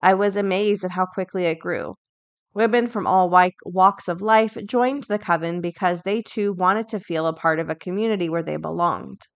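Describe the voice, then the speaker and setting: A woman's voice: on the low side, normal speed, no room sound. Chatty woman podcast host, dry close sound. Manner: chatty, thinks aloud with many fillers and restarts. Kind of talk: casual podcast commentary.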